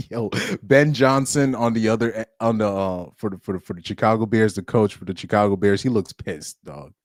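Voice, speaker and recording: A man's voice: fairly low pitch, moderate pace, no echo, clean studio sound. A man hosting a casual live stream, reacting to a football game and laughing often as he rambles. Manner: laughs often, loose and rambling with many restarts.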